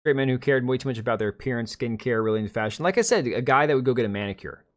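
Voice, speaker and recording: A man's voice: medium pitch, very fast. A man in his thirties hosting a casual livestream, rambling bluntly and reacting to chat with restarts and asides. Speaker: livestream host.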